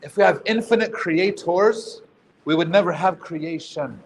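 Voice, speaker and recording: Man teaching a lively interactive workshop. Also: high-pitched, unhurried, a little hiss or hum. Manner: conversational, quizzes the audience, jokes. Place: workshop room with a live audience.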